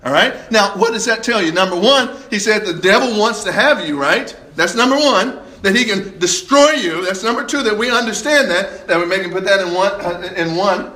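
A man preaching a sermon in a church, speaking with rising emphasis and pauses. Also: high-pitched, animated, bright, forceful tone, roomy sound, low-quality recording.

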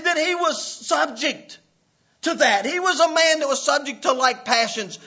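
High-voiced impassioned male preacher. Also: lively intonation, unhurried. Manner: impassioned preaching, breaking into shouts and laughs. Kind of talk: sermon. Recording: dull lo-fi recording.

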